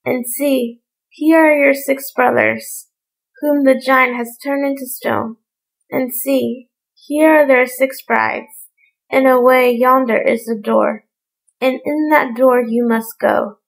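Woman reader as a kindly fairy-tale wolf guide, calm and sure. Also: high-pitched, takes it slowly, creaky, heavily acted, low-quality recording. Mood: reassuring. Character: helpful talking grey wolf.

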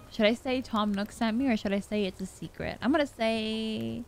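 A young woman giving chatty, excitable gameplay commentary as a gaming vlogger. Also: a little high, fairly quick, creaky, hardly any pauses. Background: faint game music.

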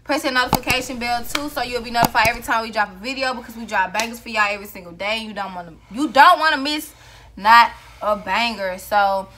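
A woman's voice: on the high side, fast talker, noisy background. A woman hosting a vlog, chatting casually and rambling as she talks to her viewers. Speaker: vlog host. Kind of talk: casual chat to camera.

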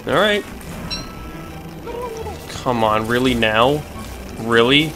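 A man giving profane, excitable commentary while playing a video game, swinging between shouted outbursts and low muttering. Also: measured pace, pauses often, soft background music, low-quality recording. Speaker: let's play gamer. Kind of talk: gaming commentary.

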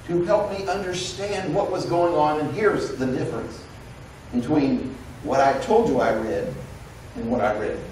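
In a church sanctuary, a pastor delivers a sermon as lively, conversational storytelling, voicing the dialogue of the people in it. He sounds a little high-pitched and is recorded from some distance, so the space rings with strong echo over a faint room hum.

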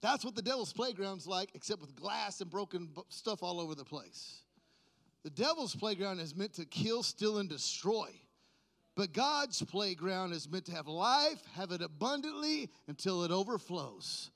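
A pastor preaching a casual, joking sermon, dropping to quiet asides and then building to loud, emphatic peaks. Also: male voice, sits high, expressive, moderate pace, creaky. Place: church sanctuary.

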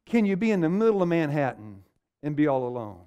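A man's voice: on the high side, sing-song, brisk, dark tone, smooth, dull audio. A middle-aged man preaching a seminar sermon to a live audience, firing questions at them and calling for amens. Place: meeting room with a live audience.

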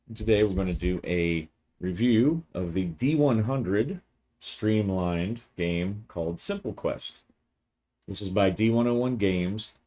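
A man, hosting his channel and giving a relaxed, rambling video review. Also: low-pitched. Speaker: channel host, game reviewer.

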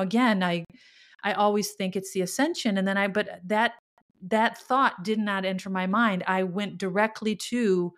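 A middle-aged woman hosting a podcast, telling a personal story in an earnest, halting, emotional way. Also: medium pitch. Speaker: podcast host.

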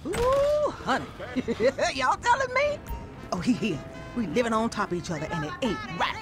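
An actress playing a loud, cranky middle-aged aunt in game dialogue, shrill and scolding. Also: female voice, very animated, moderate pace. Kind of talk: video game cutscene dialogue. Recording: game audio over loud music.

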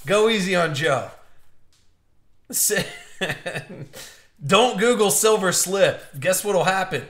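A man's voice: sits high, expressive, slow pace, a bit bright, roomy sound. A man hosting a live-streamed trading card box break, chatty and upbeat, joking with viewers as he opens packs. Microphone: streaming mic.

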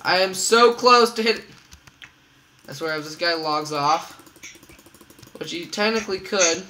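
Male gamer host, slow, bright delivery, excitable and singsong, keyboard clicks nearby. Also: high voice, rough recording. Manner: excitable, repeats catchphrases in a singsong. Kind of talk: casual gaming commentary.

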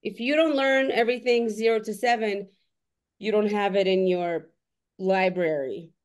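A woman hosting a casual podcast chat, English not her first language, telling stories in an animated way and swearing freely. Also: medium pitch, moderate pace. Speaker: host.

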